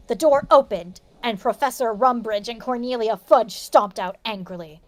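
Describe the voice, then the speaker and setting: A woman's voice: a little high, normal speed, few pauses, no room sound. A woman co-hosting a stream, reading a fanfic aloud with big mock-dramatic voices and laughing asides.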